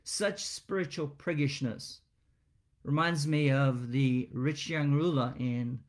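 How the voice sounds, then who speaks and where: A man preaching an expository sermon, speaking with deliberate emphasis and dramatic pauses. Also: a little high.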